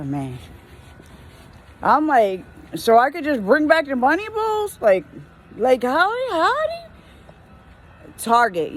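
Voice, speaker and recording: A woman who works in retail, venting in a casual rant while driving, exasperated and full of slang, mimicking customers as she goes. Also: medium pitch. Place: in a car.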